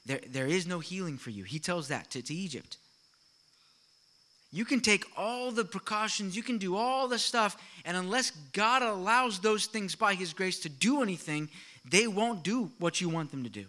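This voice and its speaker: A middle-aged man preaching a sermon to his congregation, animated and full of rhetorical questions and quick asides. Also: high-pitched. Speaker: pastor.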